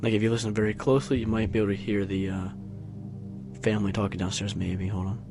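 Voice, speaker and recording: A man with a slightly low voice rambles casually into a tabletop microphone in a carpeted room at home. He drifts along with plenty of fillers and restarts, and soft music plays faintly behind him. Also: little pitch movement, quick pace. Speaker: vlogger. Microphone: tabletop USB microphone, close, with headphones on.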